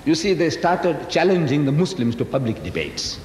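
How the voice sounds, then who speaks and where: Booming older South African man lecturing. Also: normal speed. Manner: animated, teasing, asks the audience questions; booming, carrying voice. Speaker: public speaker. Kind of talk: lecture to a live audience. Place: large hall. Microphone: PA microphone. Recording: echoey hall, faint background noise.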